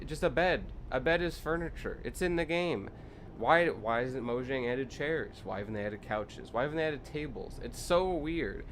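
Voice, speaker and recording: A man's voice: mid-range voice, noisy background. A young man streaming a driving game, chatting casually and telling a long story full of swearing and restarts. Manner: rambling, profane, ranting storyteller. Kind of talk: casual gameplay commentary.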